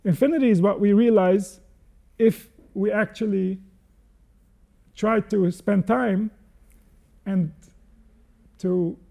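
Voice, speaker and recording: Gravelly high-voiced man teaching slowly. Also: mellow. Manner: measured, reflective explanation with pauses and Hebrew terms. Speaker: Jewish spiritual teacher. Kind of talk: unscripted spiritual teaching.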